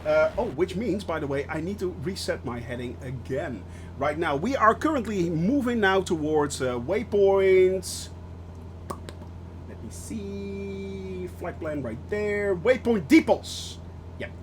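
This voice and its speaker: Excitable high-voiced gaming man. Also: a little slow, a little hiss or hum. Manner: chatty, excitable, many fillers. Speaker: flight sim streamer. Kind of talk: live gameplay commentary.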